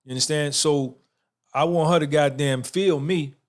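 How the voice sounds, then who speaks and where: At a normal speed and in a fairly high, steady voice, a man in his fifties addresses his livestream chat. The podcast host talks casually, boasting and swearing in a streetwise way.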